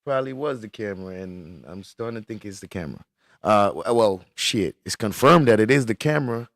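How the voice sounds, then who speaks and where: A man's voice: lowish voice, animated, brisk, a bit bright, dry recording, studio quality. A man live-streaming casual chat from his computer, swearing in frustration and greeting viewers as he works.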